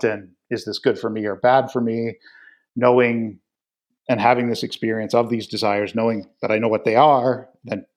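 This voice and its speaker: A man on a philosophy panel, explaining an idea step by step with rhetorical questions. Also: mid-range voice. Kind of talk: casual academic discussion.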